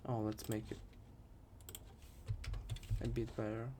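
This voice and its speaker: A man's voice: fairly low pitch, completely flat delivery, takes it slowly, background noise. A young man with a Russian accent, talking through code in a live programming tutorial with dry joking asides. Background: keyboard typing.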